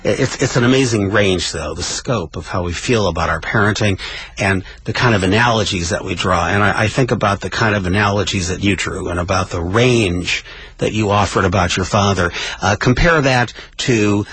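A man's voice: lowish voice, normal speed, slightly rough, rough recording. A man co-hosting a radio talk show, chatting and reading book passages aloud with growing emotion. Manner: reads aloud with mounting emotion, shouts quoted lines.

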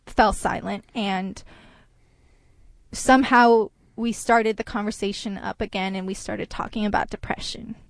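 A woman recounts a personal story slowly and earnestly, her voice sitting a little high. She pauses and restarts as she reflects. The sound is dry and close. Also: a bit bright, no room sound.

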